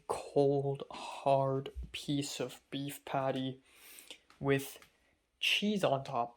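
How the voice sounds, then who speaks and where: A young man, a college student, talking through a casual spoken diary while feverish and dizzy, rambling with many fillers and restarts. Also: mid-range voice. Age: young adult. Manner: rambling and hesitant, full of fillers.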